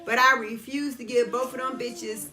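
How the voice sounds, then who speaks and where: A middle-aged woman telling a story in an animated, casual way while getting her hair done, often checking whether the listener understands. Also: a little high, normal speed, roomy sound. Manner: animated retelling, keeps asking "you understand?". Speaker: vlogger. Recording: busy background chatter.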